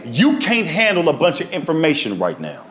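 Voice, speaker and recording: A man's voice: wildly swooping pitch, echoey room, crowd noise. A man voicing a blunt, bossy older woman doctor on a video call, with audience laughter around him. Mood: lecturing. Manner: blunt, scolding, drawn-out high delivery.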